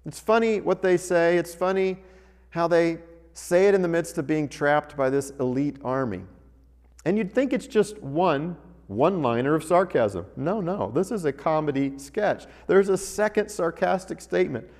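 A man preaching a sermon in a church, reading scripture and then speaking with wry, animated humor. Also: fairly high pitch, moderate pace. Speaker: pastor. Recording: long hall reverb.

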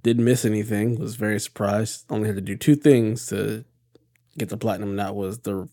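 A man with a low, gravelly voice talks through a casual podcast conversation. His tone is dark and mellow, and he speaks in a relaxed, matter-of-fact way. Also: brisk, no echo. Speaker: podcast co-host. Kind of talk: casual chat.

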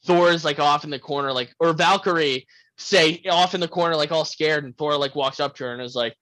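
Young male podcast host, animated and casual, fairly high voice, dry mic. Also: fairly quick, no echo, rough recording. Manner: animated, swears freely, acts out movie lines. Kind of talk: casual film review chat.

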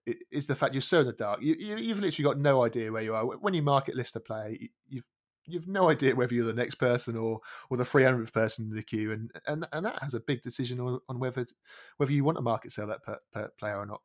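Male podcast guest, mid-pitched voice, measured delivery, stumbles and repeats words. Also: expressive. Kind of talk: casual chat.

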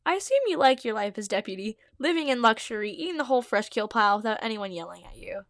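A woman's voice: on the high side, lively intonation, quick pace, dry recording, clean studio sound. A woman reading as a sly, menacing black tomcat. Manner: archaic, scheming threats. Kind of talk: reading own fanfiction aloud.

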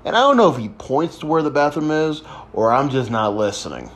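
A man's voice: mid-range voice, big pitch swings, brisk. A young man in his twenties telling a rambling, crude story in a casual chat. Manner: crude, rambling, laid-back. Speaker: podcast host.

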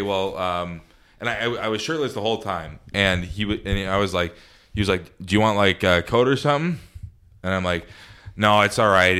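Man, low voice, smooth tone, casual podcast storyteller, lots of ums and restarts. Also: bright, forceful tone. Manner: rambling, full of fillers and restarts.

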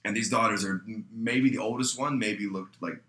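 A man's voice: fairly low pitch, normal speed. A young man in casual chat, swearing freely and telling a story about kitchen work. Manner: profane storyteller who shouts out the voices in his stories.

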